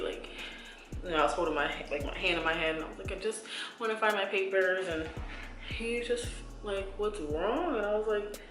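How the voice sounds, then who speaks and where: A woman's voice: low-pitched, reverberant. A woman in her twenties chatting casually to her viewers as she gets ready, rambling and confiding with many fillers and restarts. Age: 20s. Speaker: beauty vlogger. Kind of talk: casual chat.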